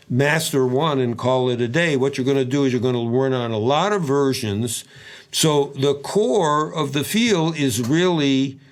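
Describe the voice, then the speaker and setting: An older man gives a drum lesson in a relaxed, easygoing voice of middle pitch. He breaks off his explanations to scat the rhythms aloud. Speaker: drum teacher. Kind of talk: demonstrating drumming.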